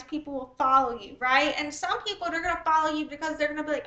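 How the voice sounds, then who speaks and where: High bright-voiced woman, blunt and profane. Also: normal speed, rough recording. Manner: blunt, profane, rambling asides. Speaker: author reading her own business ebook. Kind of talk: reading aloud, then casual explaining.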